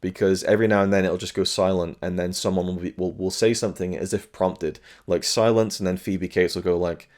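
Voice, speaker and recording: A man's voice: sits low, fairly even intonation, fairly quick, hardly any pauses, a little mellow. A man giving a frank, chatty spoken review of a film release as the host of his own channel. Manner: frank and chatty, with fillers and blunt remarks.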